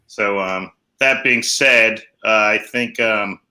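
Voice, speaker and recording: A man's voice: lowish voice, takes it slowly, bright, forceful tone. A man on a comedy panel, laughing often and rambling through his questions. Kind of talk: casual comedic banter.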